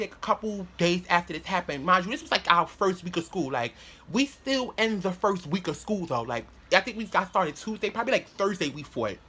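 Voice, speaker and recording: A man's voice: high-pitched, bright, forceful tone. A man chats to the camera in a loose vlog story. He swears freely and keeps restarting his sentences. His speech is full of "like" fillers, with a faint hiss in the background. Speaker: vlogger.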